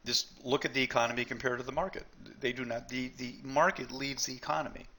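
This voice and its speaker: A man's voice: medium pitch, vocal fry, pushed and bright. A man teaching a live trading seminar, blunt and emphatic, often repeating himself and talking straight to the group.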